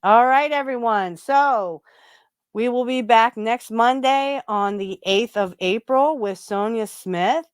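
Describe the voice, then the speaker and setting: A woman hosts a relaxed podcast in a smooth, clear voice of middling pitch. She rambles, and her talk is full of fillers, restarts and side remarks. The sound is close and dry, with no room behind her. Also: no room sound. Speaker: podcast host. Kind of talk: casual spiritual chat.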